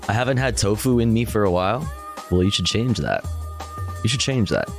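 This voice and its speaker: A man's voice: fairly low pitch, lively intonation, a little fast, vocal fry, soft background music. A man chatting casually and crudely with viewers on a livestream while he reacts to clips.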